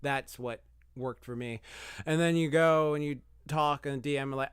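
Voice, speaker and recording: A man's voice: on the high side, steady tone, a little slow, clear, resonant tone, no echo, clean studio sound. A man casually giving dating advice on a podcast, rambling and swearing, acting out imagined messages in a raised voice. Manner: rambling, swears, acts out quoted texts in a raised voice. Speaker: podcast co-host.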